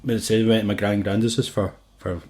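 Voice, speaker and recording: A man's voice: on the low side, little pitch movement, quick pace, a crowd in the background. A young Scottish man with a Glasgow accent, co-hosting a casual podcast chat and telling stories with lots of laughter and acted-out quotes. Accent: Glaswegian Scottish. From Scotland. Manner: laughing storyteller, acts out quotes. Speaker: podcast co-host.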